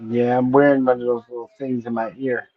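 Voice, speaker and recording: Man, mid pitch, halting speech, muffled lo-fi recording; casual stream co-host. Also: level tone. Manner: hesitant, searches for words. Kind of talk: casual chat.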